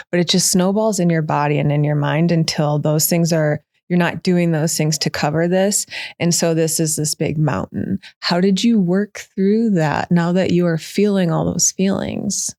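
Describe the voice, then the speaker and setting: A woman hosting a recovery podcast, attentive and quick with short affirmations as she asks questions. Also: sits low, gravelly, a little mellow, no room sound, clean studio sound. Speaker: podcast host. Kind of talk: interview conversation.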